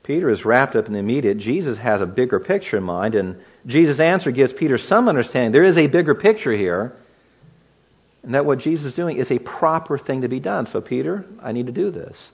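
Animated male preacher. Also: medium pitch, brisk, husky. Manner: animated, rhetorical questions. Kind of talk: expository sermon.

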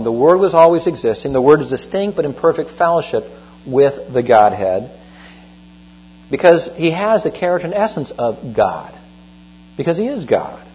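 A man preaching a sermon, teaching through a Bible passage in a measured way and stressing key phrases. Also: mid-range voice, slightly rough. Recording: dull lo-fi with mains hum.

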